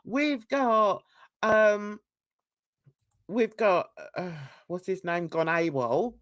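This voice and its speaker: A woman's voice: mid-range voice, expressive, extremely slow. A woman hosting casual reaction commentary, chatty and gossipy, laughing often. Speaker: commentary channel host.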